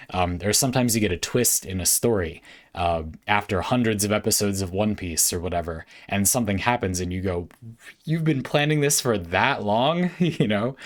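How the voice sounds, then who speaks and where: A man with a fairly low voice talks to his webcam from a room at home, working through his ideas as he goes. He trips over restarts and fillers and throws in quick asides and short laughs. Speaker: host answering a viewer question. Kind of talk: casual spoken essay to camera.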